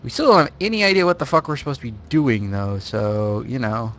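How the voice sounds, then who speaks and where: A man's voice: medium pitch, brisk, few pauses, fairly bright tone, slight background noise. A man streaming a game live, chatting casually in a rambling, jokey way and swearing freely. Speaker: livestreamer.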